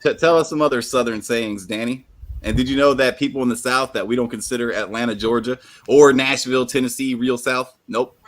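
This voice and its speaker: Man, casual stream banter, brash, joking, swears a lot, mid-pitched. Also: fairly even intonation, fairly quick. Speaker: co-host of a wrestling watch-along stream.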